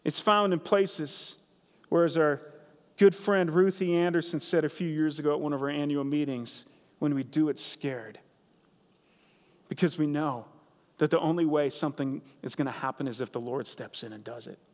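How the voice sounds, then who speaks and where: High-voiced man preaching in a reverberant hall. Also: moderate pace. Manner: earnest, conversational preaching with repeated phrases. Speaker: pastor. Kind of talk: sermon.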